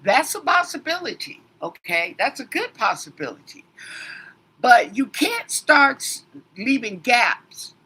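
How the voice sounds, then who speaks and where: A woman's voice: fairly high pitch, sing-song, a little slow, sharp tone, breathy edge. A woman tarot reader in a casual livestream chat, rambling and talking straight to her commenters with emphatic asides.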